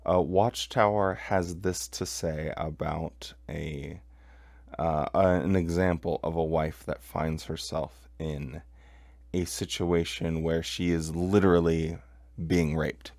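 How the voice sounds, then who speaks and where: A man's voice: low voice, steady tone, slow, vocal fry, a little mellow, no echo. A man hosting a commentary show, reading quoted passages aloud and then arguing against them with heated emphasis. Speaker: podcast host. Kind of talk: commentary on religious texts.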